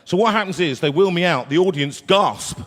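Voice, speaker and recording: A man, an opera singer telling a comic story live, animated and acting out characters. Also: sits high, fairly quick. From England. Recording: long hall reverb.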